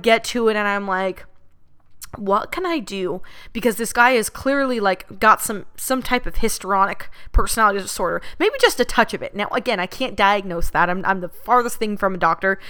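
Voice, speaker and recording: Young woman rambling through a story, says "like" a ton, smooth clear voice. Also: on the high side, normal speed, pushed and bright. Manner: chatty, lots of "like", laughs while telling. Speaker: podcast host. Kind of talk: casual storytelling.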